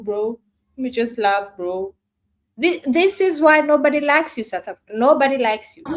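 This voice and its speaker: A woman's voice: high voice, slight background noise. Exasperated woman ranting at reaction clips. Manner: exasperated, sarcastic, talks straight to viewers. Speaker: reaction video host. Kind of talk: casual reaction commentary.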